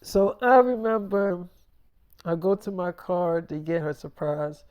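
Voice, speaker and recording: A man's voice: high-pitched, animated, unhurried, a little mellow, smooth. Rambling, cussing male storyteller. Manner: rambling and profane. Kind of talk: improvised storytelling.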